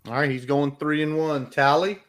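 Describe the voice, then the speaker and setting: A man's voice: on the high side, steady tone, moderate pace, fairly bright tone. Brash male sports podcast host. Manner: brash, opinionated, emphatic. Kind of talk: casual sports chat.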